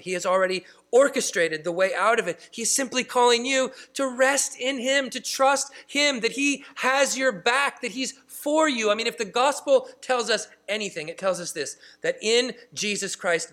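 A man preaching as a pastor and church planter, moving between emphatic stresses and quiet, low asides. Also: moderate pace, few pauses. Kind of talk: sermon.

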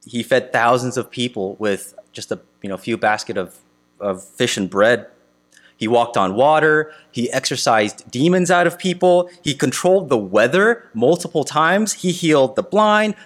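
A man preaching a sermon to his congregation, asking earnest rhetorical questions with emphatic pauses. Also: mid-range voice. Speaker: pastor.

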